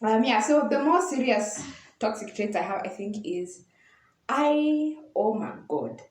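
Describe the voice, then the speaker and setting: A woman's voice: a little high, expressive, unhurried, a little mellow, echoey room. A young Kenyan woman co-hosting a podcast, joking playfully with dramatic asides. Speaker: podcast co-host. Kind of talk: casual chat.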